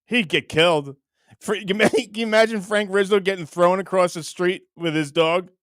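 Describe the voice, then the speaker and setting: A man's voice: high voice, normal speed, a bit bright, no room sound, clean studio sound. A man hosting a show, riffing through comic bits in casual chat and laughing often. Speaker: host.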